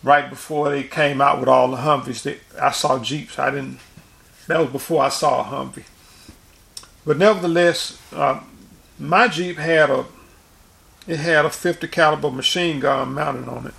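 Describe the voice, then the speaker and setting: A man's voice: fairly high pitch, steady tone, normal speed, vocal fry, a bit bright. A man preaching informally and recounting a dream, rambling with frequent restarts and repeated words. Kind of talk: informal sermon and dream testimony.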